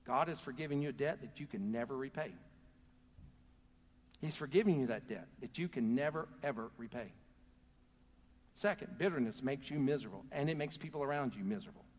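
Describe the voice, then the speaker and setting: In a church with long hall reverb, a pastor preaches earnestly in a medium-pitched voice with lively intonation. He speaks briskly but leaves long pauses, calling on the congregation to answer back.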